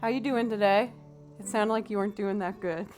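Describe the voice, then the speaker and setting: A woman's voice: medium pitch, fairly even intonation, a little fast, a little mellow, soft background music. A woman musician chatting casually on her livestream, bubbly as she thanks viewers one by one.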